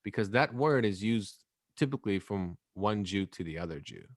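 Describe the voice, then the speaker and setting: A man's voice: lowish voice, animated, normal speed, dry recording, clean studio sound. A man in his thirties co-hosting a podcast in casual chat, rambling and swearing freely. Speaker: podcast co-host.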